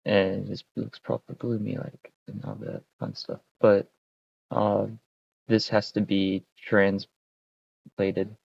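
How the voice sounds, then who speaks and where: A man thinking aloud in a casual, wry, halting way while he codes, speaking close to a desk mic. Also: lowish voice, creaky, no room sound, lo-fi sound. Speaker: streamer coding on screen.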